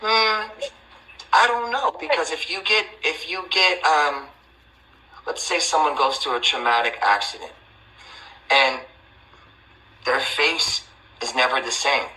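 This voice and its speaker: A man's voice: on the high side, a little slow, pauses often, pushed and bright, rough recording. A man hosting a livestream, talking in a rambling, defensive way with many restarts. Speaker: livestream host. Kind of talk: casual livestream chat.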